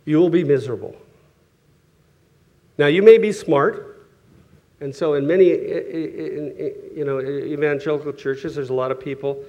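A middle-aged man preaching a sermon in a loose, conversational way. He often restarts his sentences, laughs softly and acts out the people in his stories. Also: fairly high pitch, fairly even intonation, brisk, few pauses, muffled recording. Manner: conversational, self-correcting, chuckles often, acts out quoted voices.

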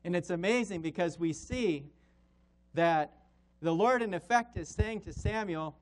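A man preaching a sermon as pastor, emphatic, slowing on key words and dropping low and quiet to drive points home.

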